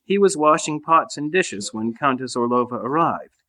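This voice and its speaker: A man reading a saint's life aloud in a monastery refectory at mealtime, measured and even, with small slips. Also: on the high side. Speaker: reader. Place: monastery refectory during a meal.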